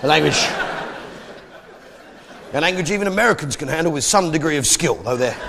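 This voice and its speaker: Brash, high-pitched stand-up comedian. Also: male voice, expressive, a little fast, gravelly, noisy background. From Britain. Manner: brash, swaggering, mock-patriotic. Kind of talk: stand-up routine.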